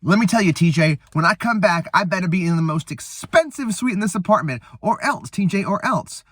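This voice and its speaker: A brash, swaggering action-comedy hero full of himself, as a man puts him on in a movie recap. The voice shoots far above the man's own and swings wildly in pitch. He is bossy and vain. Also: expressive, fairly quick, a bit bright, no echo. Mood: furious. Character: cocky, self-centered male action-comedy hero. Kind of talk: comic movie-recap impression.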